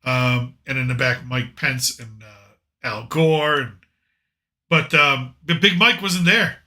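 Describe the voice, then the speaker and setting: Bright-voiced, opinionated male podcast host. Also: medium pitch, slow. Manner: opinionated, joking, rambling. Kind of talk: casual political chat.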